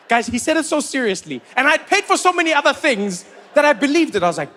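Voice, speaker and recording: A man's voice: very high-pitched, sing-song, fast, few pauses, sharp tone, a little hiss or hum. A man in his forties from South Africa doing stand-up comedy, telling stories with incredulous rising questions.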